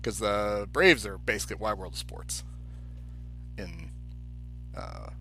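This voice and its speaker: A man's voice: lowish voice, a little slow, faint music behind. A man co-hosting a podcast, telling a story in casual chat and acting out the people in it. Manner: animated anecdote teller, acts out quoted voices. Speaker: podcast co-host.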